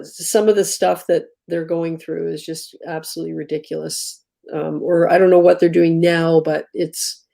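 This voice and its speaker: A woman hosting a casual livestream chat, chatty and laughing often, her voice trailing off softly at times. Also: on the low side, gravelly. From Canada. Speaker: livestream host.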